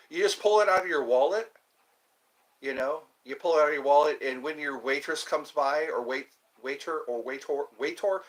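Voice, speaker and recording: A man's voice: on the high side, fairly bright tone. A man streaming live, rambling and joking as he chats with his viewers. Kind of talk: casual live-stream chat.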